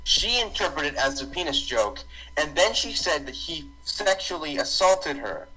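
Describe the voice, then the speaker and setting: A young man in casual online chat on a voice call, rambling with restarts and animated outbursts. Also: a little high, moderate pace, poor audio. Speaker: podcast co-host. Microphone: computer mic on voice call.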